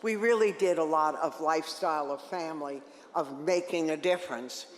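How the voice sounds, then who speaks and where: Older woman, radio host, lively joking storyteller, roomy hall, long reverb. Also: sits low, moderate pace. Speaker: radio host telling career stories. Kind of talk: storytelling talk to an audience.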